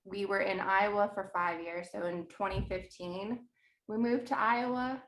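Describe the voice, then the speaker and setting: A woman's voice: mid-range voice, fairly even intonation, measured pace, a bit bright, reverberant, a little hiss or hum. A woman in her thirties, originally from New Jersey, chatting as a podcast guest and laughing often as she tells stories. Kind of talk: casual chat.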